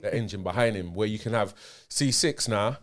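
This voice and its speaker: A low-voiced man talks fast and explains things at length, like someone describing how the business works. He is chatting casually with friends on a podcast. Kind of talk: casual chat among friends.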